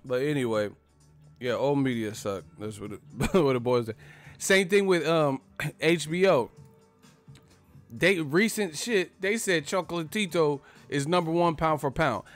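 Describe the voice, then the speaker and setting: A man's voice: on the high side, unhurried, soft background music. A man hosting a casual live boxing chat, brash and profane, talking with frequent laughs. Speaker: boxing channel host. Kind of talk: casual live-stream commentary.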